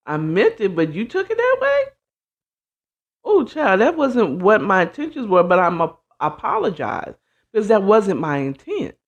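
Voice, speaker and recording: A woman with a mid-range voice hosts a casual advice talk, animated and blunt. She acts out quoted voices and sprinkles in "child" and "you know what I'm saying."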